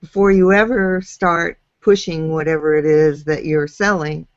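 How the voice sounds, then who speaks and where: A woman's voice: sits low, fairly even intonation, measured pace, no room sound, highs cut off. A woman hosting a live video chat show, speaking in a thoughtful, encouraging way. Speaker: show host.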